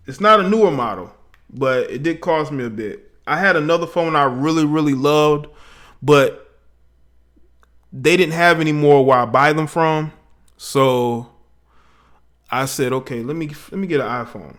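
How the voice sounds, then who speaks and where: A man's voice: a little high, normal speed, a bit bright. A man hosting a live call-in talk show, chatting casually in slang, chuckling as he reads out viewer comments. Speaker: livestream talk show host. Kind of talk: casual livestream chat, reading out viewer comments.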